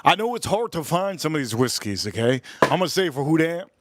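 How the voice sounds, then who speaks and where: A man's voice: on the high side, very animated, a little fast, no echo, clean studio sound. A jet-lagged man hosting a casual livestream, repeating himself, swearing loosely and calling out to viewers. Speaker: livestream host.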